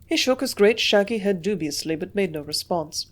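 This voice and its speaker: A woman narrating an audiobook in a measured, clear storytelling manner. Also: mid-range voice, animated. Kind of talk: audiobook reading.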